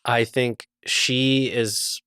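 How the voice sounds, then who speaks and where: A man's voice: mid-range voice, little pitch movement, extremely slow, bright, forceful tone, clean tone, no room sound, clean studio sound. A man co-hosting a casual TV recap chat, laid-back and blunt, swearing now and then. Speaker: podcast co-host.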